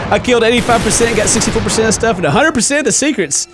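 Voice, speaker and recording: Loud, jokey gaming host man. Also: sits high, fast talker. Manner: shouts at game characters, jokey and animated. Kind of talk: comedic gameplay commentary. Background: game music.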